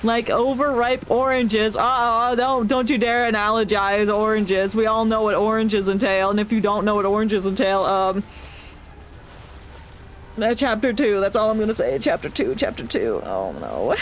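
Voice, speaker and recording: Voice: mid-range voice, fairly even intonation, normal speed, a bit bright, a little hiss or hum. A streamer who reads a game's story aloud and breaks in with playful, joking reactions and frequent laughter. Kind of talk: reading game story aloud with live reactions.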